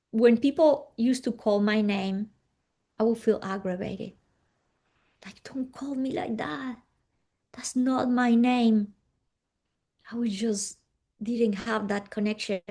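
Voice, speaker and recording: A woman guest telling a personal story in an interview, soft and reflective, often dropping to a hushed tone. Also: mid-range voice.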